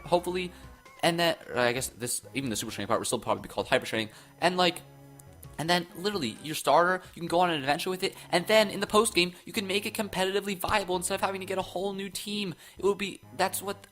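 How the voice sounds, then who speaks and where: Young man, gaming news commentary, bright tone, rambling, excitable, faint music behind. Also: fairly high pitch, racing. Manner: rambling, excitable, restarts sentences. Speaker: gaming YouTuber. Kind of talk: casual game news commentary. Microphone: own desk microphone.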